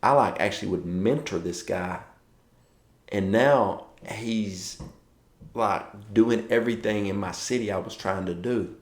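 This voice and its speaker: A man's voice: on the low side, a little slow, echoey room. A man giving a casual morning devotional as a pastor, telling stories and acting out quoted dialogue in a conversational way.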